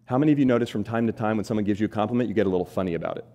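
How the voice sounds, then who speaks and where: A man's voice: fairly low pitch, racing, muffled recording. A man in his forties giving a keynote talk on stage, telling a personal story, asking the audience questions and acting out the voices of the people in it. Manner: animated, acts out quoted voices, asks audience questions. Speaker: keynote speaker. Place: stage before a live audience.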